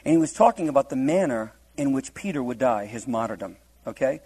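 A man's voice: medium pitch, expressive, brisk, darkish tone, breathy edge, low-quality recording. A man preaching a humorous verse-by-verse Bible teaching, laughing often and acting out the scenes in different voices.

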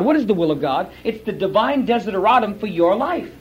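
A man, a pastor, giving sermon-style Bible teaching to a class. He is emphatic and animated, fires off rhetorical questions and acts out other people's voices. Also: sits high, fairly quick, few pauses. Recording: dull lo-fi recording.

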